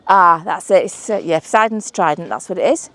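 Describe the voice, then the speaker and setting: A woman's voice: lowish voice, a little fast, crowd noise. A woman on a beach chatting casually and exclaiming over her finds as she searches the shore. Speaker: mudlarking vlogger. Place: outdoors on a beach.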